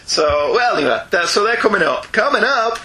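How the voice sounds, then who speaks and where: High, lively podcast host. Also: male voice, brisk, a loud crowd, low-quality recording. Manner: jokey, laughs often, teasing. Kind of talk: casual chat reading listener emails.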